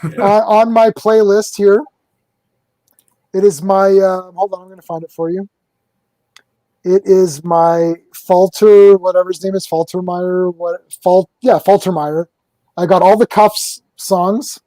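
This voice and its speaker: A man's voice: sits high, fairly even intonation, a little slow, mellow, no echo, low-quality recording. Rambling enthusiastic male host. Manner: rambling, enthusiastic, laughs often. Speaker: podcast host. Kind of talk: casual pop culture chat.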